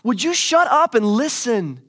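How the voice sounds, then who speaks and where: A man's voice: extremely high pitch, big pitch swings, a little slow, fairly bright tone, pitched above the performer's own voice, heavily acted. A man voicing God as an impatient figure who scolds people for giving orders instead of listening. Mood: exasperated. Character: exasperated almighty God scolding his people.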